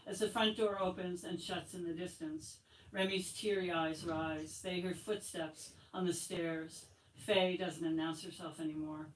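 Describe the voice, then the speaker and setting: Author reading aloud in an echoey bookstore. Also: female voice, fairly low pitch, measured pace, slight background noise. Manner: expressive reading, light laughs. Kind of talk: reading her novel aloud at a bookstore event. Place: bookstore, indoors. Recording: echoey room from far off, faint ambience.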